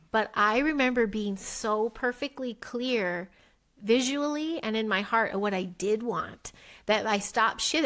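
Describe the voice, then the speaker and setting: A woman's voice: medium pitch, a bit bright. A middle-aged woman, a podcast guest, telling her life story candidly, rambling and emotional, acting out her past thoughts in little quoted voices. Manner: rambling, with many restarts and "like" fillers.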